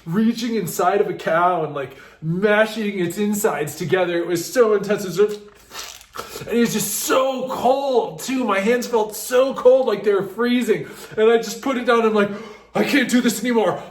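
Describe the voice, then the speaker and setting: High-voiced man telling a laughing story. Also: normal speed, reverberant. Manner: animated, breaks into frequent laughter. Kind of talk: casual personal storytelling.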